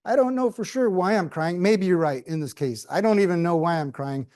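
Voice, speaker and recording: Man telling wry stories, slightly high voice. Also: brisk, a little mellow, dry recording. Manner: humorous storytelling with dry asides, asks the audience questions. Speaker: club speaker. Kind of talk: prepared speech to a small audience.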